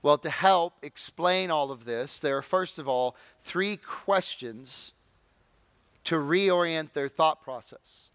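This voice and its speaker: A man preaching a sermon as pastor, conversational and animated, with humorous asides and acted-out voices of excited listeners. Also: slow, smooth, no echo. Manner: animated, acts out excited congregants in high shouts.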